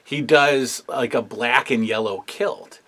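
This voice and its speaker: A man's voice: medium pitch, takes it slowly, a bit bright. A man hosting a casual review show, talking in a rambling, opinionated way with lots of fillers. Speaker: wrestling history show host.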